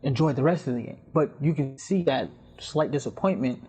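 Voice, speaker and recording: A man's voice: mid-range voice, a little fast, dark tone, slightly rough. A man talking casually on a podcast, rambling and telling stories with plenty of fillers. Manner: rambling, storytelling with lots of fillers. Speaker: podcast guest or host. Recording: dull lo-fi audio.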